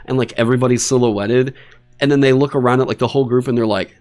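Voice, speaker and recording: A man hosting a livestream, talking casually and swearing in exasperated, animated rants. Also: mid-range voice, fast talker. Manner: animated, profane ranting with exasperated asides. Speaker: streamer hosting a dungeon design stream.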